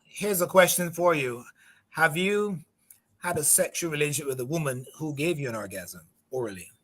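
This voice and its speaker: A male panelist weighing his words slowly and carefully on a talk show. His voice is a little higher than most men's, and he often hedges and restarts before he makes his point. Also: a bit bright, husky. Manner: deliberate, careful, hesitant. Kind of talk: measured talk-show discussion.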